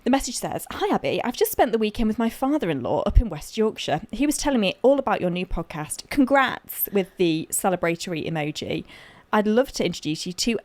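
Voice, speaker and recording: A woman's voice: mid-range voice, big pitch swings, brisk, a little mellow, no room sound. A young woman from Lincolnshire, co-hosting a podcast in casual chat, rambling with fillers and restarts. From Lincolnshire, England. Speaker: podcast co-host.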